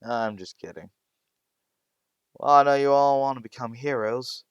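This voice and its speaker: A man voicing a jovial male schoolteacher who makes loud, joking announcements to his class in a spoken fan story. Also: medium pitch, unhurried, smooth, no echo, pitched above the performer's own voice, lightly acted.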